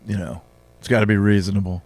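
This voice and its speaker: A man, a comedian guest on a podcast, bantering in a crude, deadpan, matter-of-fact way. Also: lowish voice, quick pace, no room sound.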